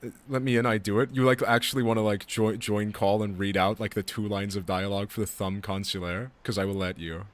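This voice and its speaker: A male streamer chatting casually, excitable and swearing, laughing often and tripping over his words. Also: lowish voice, a little fast. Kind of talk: casual chat on a live stream.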